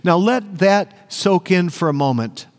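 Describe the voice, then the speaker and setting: A man's voice: sits high, expressive, a little slow. A male pastor preaching a sermon, earnest and emphatic, repeating phrases for weight. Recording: long church reverb.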